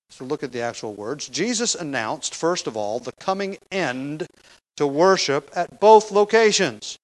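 A man's voice: high voice, poor audio. Emphatic man preaching a verse-by-verse sermon. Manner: emphatic, building to forceful stress, with fillers and restarts. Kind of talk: expository sermon.

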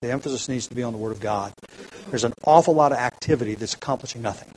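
A man preaching a sermon at an evening church gathering, earnest and deliberate, slowing down and rising in force on key points. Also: mid-range voice, slightly rough, low-quality recording. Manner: earnest, builds emphasis by slowing down and getting louder.

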